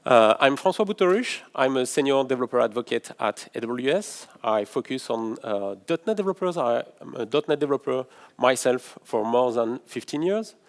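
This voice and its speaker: A middle-aged man from France with a French accent, giving a tech conference talk in a halting way and often restarting phrases. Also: mid-range voice, lively intonation. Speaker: conference speaker, developer advocate. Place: in-person conference session room.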